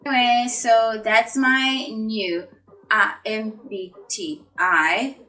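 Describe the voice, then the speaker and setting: This young woman speaks slowly in a fairly high pitch, and the audio is poor. In a laid-back vlog about her personality test outcome, she's playful and over-the-top, with sudden loud outbursts of excitement.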